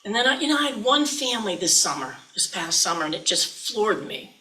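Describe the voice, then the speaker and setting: A woman minister preaches in a chatty, folksy way, teasing her listeners now and then. Her voice is bright and clear at a middling pitch. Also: sing-song, brisk, rough recording. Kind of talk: sermon.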